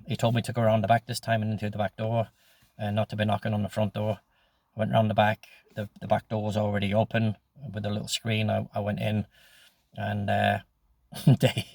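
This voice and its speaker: A man's voice: lowish voice, gravelly, dry recording. A man in his sixties telling his life story in a casual, rambling way, swearing freely with many ums. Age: 60s.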